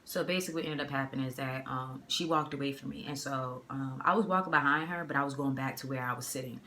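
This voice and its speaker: A young woman from the area, telling a personal story in a casual, slangy, animated way on a phone mic. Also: very deep voice, fast, a little hiss or hum. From Boston area. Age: young adult. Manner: animated, slangy, acts out the dialogue. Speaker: vlogger.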